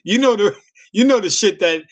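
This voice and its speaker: A man's voice: high voice, animated, moderate pace. Rambling, profane New man host. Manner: loose, profane, repeats and restarts often. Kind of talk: casual interview with storytelling.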